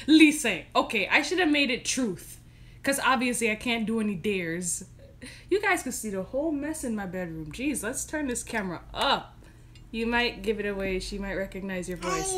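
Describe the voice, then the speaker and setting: A woman's voice: a little high, sing-song, normal speed, a bit bright, a little hiss or hum. A young woman hosting a casual live stream from her bedroom, chatty, giggly and self-deprecating. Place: home bedroom.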